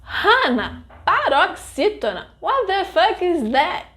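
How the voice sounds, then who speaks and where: A woman's voice: very high-pitched, big pitch swings, takes it slowly, a bit bright, voice pushed up, full character voice. A Brazilian woman voicing a confused, blunt language learner who asks exasperated questions.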